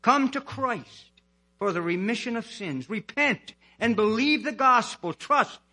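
A man preaching with a high, bright, husky voice. He hollers with passion, then slows right down to lean on the words that matter. The delivery is fervent and pleading throughout. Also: expressive. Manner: hollering and impassioned, slowing to stress key words. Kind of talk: fervent sermon.

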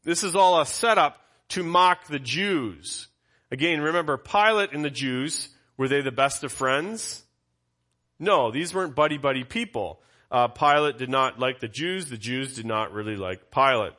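A man's voice: a little high, animated, a little slow, pushed and bright. A male pastor giving an expository Bible teaching in a conversational way, putting questions to his congregation.

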